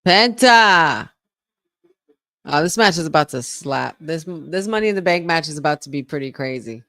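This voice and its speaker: A woman's voice: sits low, expressive, a little fast, dry recording. A woman co-hosting a wrestling podcast, chatting casually during a live watch-along, reacting aloud and reading viewer comments.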